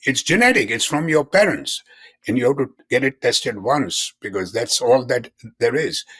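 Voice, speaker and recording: A man's voice: mid-range voice, animated, moderate pace, fairly bright tone, slightly rough. An older man in his seventies, a physician guest in a conversational interview, who explains in an earnest way and repeats key terms.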